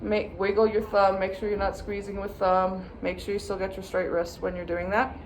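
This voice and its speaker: Over a noisy background, a female viola teacher talks at normal speed in a flat, medium-pitched voice. She takes students patiently through practice steps, sometimes chanting rhythm words as an instructional walkthrough.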